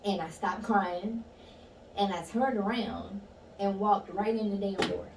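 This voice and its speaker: A woman's voice: medium pitch, steady tone, a little slow. A woman in a casual conversation, telling an emotional personal story with candour. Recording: echoey room, far mic, noisy.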